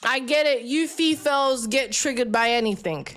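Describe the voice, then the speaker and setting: A woman's voice: high-pitched, normal speed, fairly bright tone. A woman hosting a live-stream debate, talking in a combative, mocking, lecturing way to her viewers. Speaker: livestream debate host. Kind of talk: confrontational live-stream rant.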